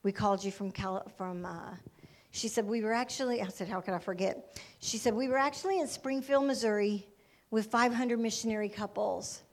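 A woman's voice: mid-range voice, brisk. A woman giving a missionary testimony as a sermon, telling her story with fervor and acting out the voices of the people in it.

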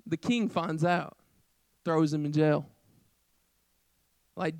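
High-voiced pastor preaching casually. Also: male voice, unhurried, long pauses, no room sound. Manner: casual, conversational preaching with filler "like"; animated, swings between loud emphasis and quiet asides. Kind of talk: sermon.

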